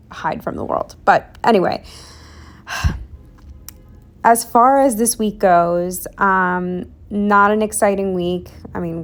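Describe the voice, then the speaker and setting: A woman's voice: lowish voice, vocal fry. A young woman recording a casual voiceover for a planning video. She sounds exhausted and exasperated, rambles, and drops into whispers. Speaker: planner vlogger.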